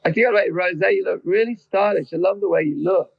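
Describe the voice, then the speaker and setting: A middle-aged man interviewing a guest in casual chat, effusive and unhurried. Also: high voice, creaky. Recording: dull lo-fi sound.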